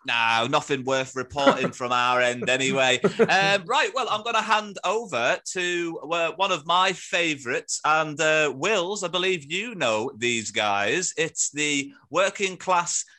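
A man's voice: fairly high pitch, measured pace, hardly any pauses, bright, forceful tone. A man hosting a football podcast in casual chat, laughing often and hesitating with fillers. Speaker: podcast host.

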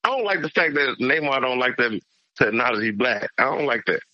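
A man's voice: medium pitch, animated, brisk, no room sound, dull audio. A man in his forties in casual chat, opinionated and repeating words as he finds his point. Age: 40s. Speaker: podcast guest.

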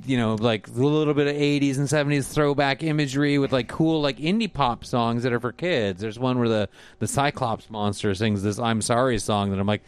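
A man in his thirties talks loosely and profanely, his voice jumping high for mock-exasperated asides. The sound is dry and close, with no room around it. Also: smooth, dry recording. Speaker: podcast co-host. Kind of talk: casual chat.

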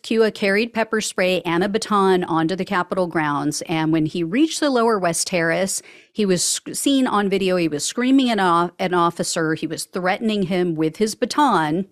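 A woman's voice: fairly low pitch, lively intonation, moderate pace, dry recording, clean studio sound. Wry woman hosting a news show. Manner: wry, sarcastic asides. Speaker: podcast host. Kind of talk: news commentary reading quotes.

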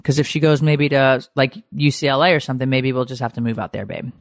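A woman in her forties co-hosting a casual podcast, telling stories in a lively, animated way. She swears freely and leaps up in pitch whenever she quotes herself or others. The sound is dry and close. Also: quick pace, no room sound. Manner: animated storyteller, swears, jumps high for quoted lines. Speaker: podcast co-host. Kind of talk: casual chat.

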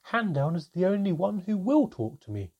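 A man doing a timid, husky-high young goblin. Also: sing-song, normal speed, mellow, muffled recording, exaggerated voice. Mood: curious. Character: timid young goblin child, nervous and curious.

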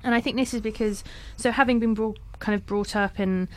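A woman from West London with a London accent, chatting casually as a radio presenter and slipping into quick imitations of other voices. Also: medium pitch, fairly even intonation. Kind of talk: casual panel chat.

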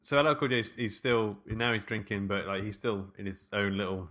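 A man talks through a film with friends, rambling and laughing between hesitant fillers. His voice sits fairly low yet sounds bright and forward. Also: a little fast. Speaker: podcast co-host. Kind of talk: casual film commentary chat.

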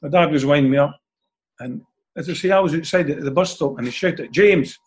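The interview guest is an older Scottish man whose voice sits on the high side with a breathy edge. He tells anecdotes fairly quickly and conversationally, tagging a questioning "eh?" onto the ends of phrases.

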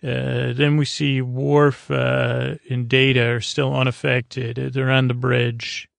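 A podcast host recaps an episode in a casual, rambling way, full of fillers and restarts. He speaks slowly at a medium pitch with a level tone and vocal fry, and there is no room sound.

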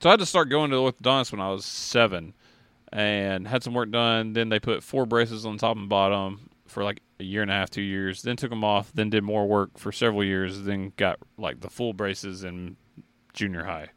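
A man co-hosting a casual podcast chat, talking in a lively way, laughing often and swearing casually. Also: on the low side, normal speed, smooth, no echo. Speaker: podcast co-host.

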